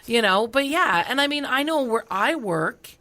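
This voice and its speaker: A woman co-hosting a casual chat show, talking in an animated, chatty way. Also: fairly high pitch, moderate pace. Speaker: co-host.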